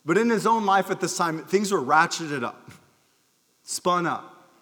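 A man's voice: animated, unhurried, pushed and bright. Earnest male pastor preaching in a hall. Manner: earnest, rises to emphatic calls then drops low. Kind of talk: sermon. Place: church sanctuary.

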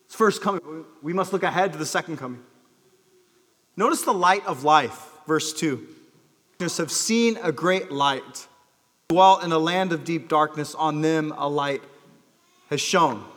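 A man preaching a sermon as pastor, earnest, rising to emphatic calls and dropping low again. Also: a bit bright, husky, big-room sound. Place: church sanctuary.

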